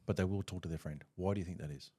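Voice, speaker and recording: A man's voice: low voice, steady tone, very fast, dark tone, husky. A middle-aged man, hosting a podcast with his sons and probing them with long, searching questions. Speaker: podcast host and father. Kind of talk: casual family podcast chat.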